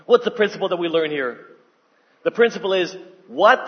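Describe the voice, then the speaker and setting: High-voiced man preaching a sermon. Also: animated, normal speed, muffled recording. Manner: emphatic preaching with call-and-response questions. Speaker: pastor. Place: church hall.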